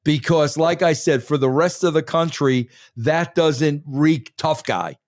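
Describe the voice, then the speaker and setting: Emphatic rambling man, bright and dry. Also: fairly high pitch, unhurried, dry recording. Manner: emphatic, rambling, says "bro" constantly. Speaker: former wrestling head writer, guest. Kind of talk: casual podcast interview.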